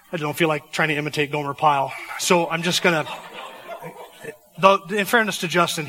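A man's voice: a little high, pushed and bright, big-room sound, low-quality recording. A man preaching a sermon from the pulpit, fervent, with rising emphatic phrases. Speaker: pastor. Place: church sanctuary.

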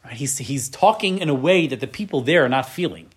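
A man teaching a Bible class, reading verses in Hebrew and explaining them in English. He talks in an animated way and often checks in with the class by asking "right?". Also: mid-range voice, fairly quick, husky. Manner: frequent tag question "right?". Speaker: Torah teacher.

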